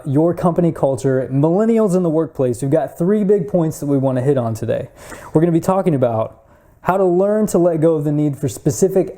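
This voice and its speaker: An upbeat young man co-hosting a casual talk show, his voice a little high yet very dark in tone. He laughs easily and trips over words now and then as he chats. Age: young adult. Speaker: podcast co-host. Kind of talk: casual chat.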